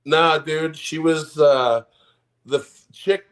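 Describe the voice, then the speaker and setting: A man's voice: fairly high pitch, fairly even intonation, slow pace, a bit bright. Gen X man co-hosting a podcast, loose rambling banter, heavy swearing. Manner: profane, rambling, laughs while talking. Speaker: podcast co-host. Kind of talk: casual chat.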